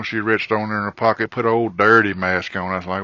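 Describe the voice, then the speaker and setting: Profane trucker spinning a crude yarn. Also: male voice, on the low side, brisk, few pauses, no room sound. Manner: profane, rambling, animated in the quoted parts. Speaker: podcast host, trucker. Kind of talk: crude comedic storytelling. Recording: dull lo-fi recording, dry.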